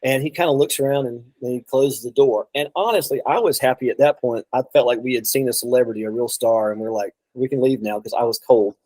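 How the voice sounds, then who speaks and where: A man's voice: mid-range voice, quick pace, few pauses, warm tone, no room sound, rough recording. A man telling a long road story in a casual chat, rambling, with many restarts and quoted asides. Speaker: guest drummer.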